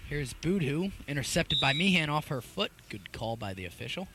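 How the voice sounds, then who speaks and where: A young man doing live play-by-play commentary on a school field hockey game, getting loud and excited on goals. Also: a little high, moderate pace, noisy background. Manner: energetic, rises sharply on goals. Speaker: play-by-play announcer.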